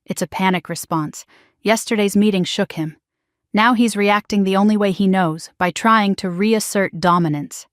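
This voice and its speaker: A woman voicing a composed male legal adviser who speaks calmly and firmly. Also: mid-range voice, normal speed, dry recording, studio quality, close to an everyday voice. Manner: calm, firm and reassuring.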